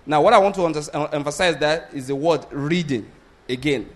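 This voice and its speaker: A man preaching a sermon, blunt and animated, often asking the congregation whether they get his point. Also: on the high side, brisk. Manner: animated, blunt, asks the congregation rhetorical questions; laughs between points, restarts sentences.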